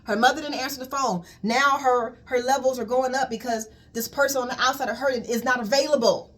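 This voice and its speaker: High-voiced woman preaching wellness. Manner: emphatic and repetitive, calls listeners "queen". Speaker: colon hydrotherapist. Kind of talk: casual spiritual wellness talk.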